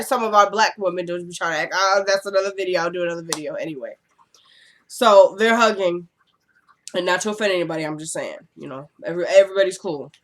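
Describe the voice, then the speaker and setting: A young woman with a cold chatting casually through a TV episode recap, acting out the characters' lines. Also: lowish voice. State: stuffy with a cold, coughing.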